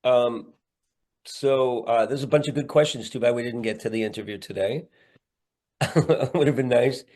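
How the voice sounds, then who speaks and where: A middle-aged comedian and actor guests on a podcast over a video call, talking candidly in a rambling, earnest way with playful asides. His voice is medium-pitched, a little mellow, at a moderate pace.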